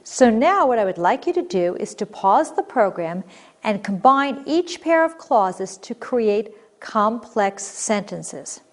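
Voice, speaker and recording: A woman teaching a recorded grammar lesson, explaining clearly and patiently. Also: fairly high pitch, sing-song, takes it slowly.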